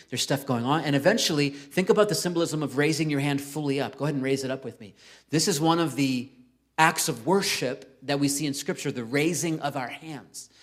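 A man preaching a sermon in a conversational way, swinging between loud emphasis and soft, intimate lines. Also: mid-range voice. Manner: conversational, with frequent "right?" and light laughs. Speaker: pastor.

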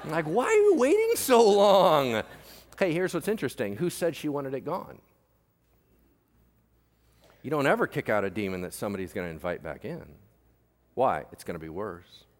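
A male pastor preaching a sermon in a lively, conversational and joking manner. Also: fairly low pitch, moderate pace, long pauses. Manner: animated, jokey, conversational preaching. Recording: long hall reverb.

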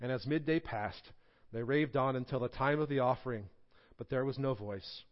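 A man's voice: medium pitch, normal speed, lo-fi sound. A male pastor preaching a sermon in a church, reading scripture dramatically with humorous asides. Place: church sanctuary.

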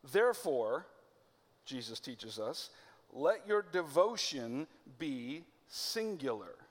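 A man from America preaching a sermon in a conversational way, slowing down to stress key phrases. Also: a little high, sing-song. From United States. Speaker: pastor. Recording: long hall reverb.

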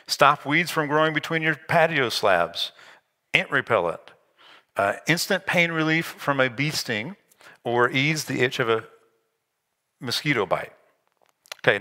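A man's voice: medium pitch, bright, forceful tone. A man preaching a sermon, explaining scripture in a conversational way and slipping in self-deprecating asides. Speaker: pastor.

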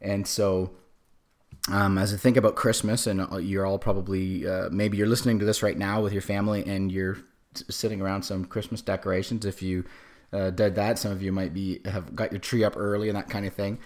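A man's voice: deep voice, little pitch movement, brisk, darkish tone. A man in his forties with a cold, giving a casual sermon as a pastor, with many fillers and restarts. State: has a cold.

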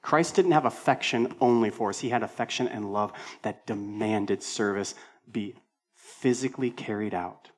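A male senior pastor delivering a sermon in an animated, conversational way, with emphatic repetition and self-deprecating humor. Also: lowish voice, moderate pace.

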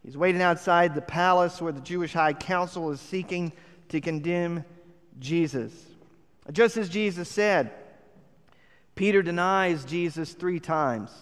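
Preacher guy, kinda high smooth voice, earnest storytelling, big echoey hall. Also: a little slow. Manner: earnest, storytelling, rising to emphatic peaks. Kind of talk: sermon. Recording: long hall reverb.

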